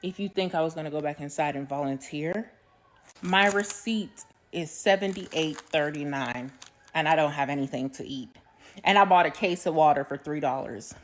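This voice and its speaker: A woman telling a story in a casual vlog at home, animated and comic, swearing freely. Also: deep voice, normal speed.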